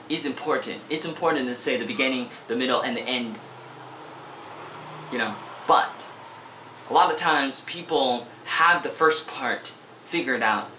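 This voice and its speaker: An American English teacher in his twenties from Oregon rambles playfully through a casual teaching vlog, repeating words as he goes. His mid-range voice moves at a measured pace, and the audio is reverberant with a noisy background.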